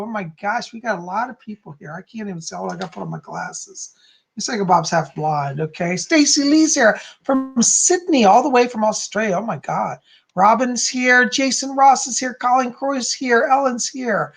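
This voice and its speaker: A man's voice: very high voice, gravelly, a bit bright, breathy edge. A man hosting a live psychic medium stream, chatting casually and greeting his viewers by name with an upbeat, friendly manner.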